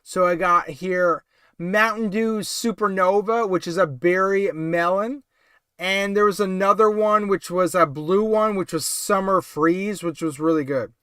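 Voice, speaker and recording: A man's voice: sits high, unhurried, pushed and bright, clean tone, dry recording, clean studio sound. A man hosting a casual live stream, reading out chat comments and thinking aloud with frequent fillers. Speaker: livestream host.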